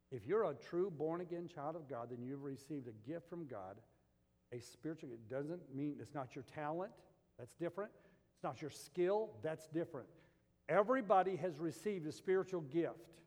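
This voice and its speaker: A male pastor preaching a sermon, shifting between relaxed storytelling and loud emphatic peaks. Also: a little high, moderate pace, long reverb tail.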